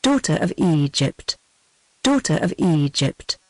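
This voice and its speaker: A woman's voice: low voice, sing-song, slow, no echo, exaggerated voice, poor audio. A synthetic woman's voice as a crazed old recluse. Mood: wild bitter. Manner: mocking, wild, bitter. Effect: synthetic text-to-speech voice.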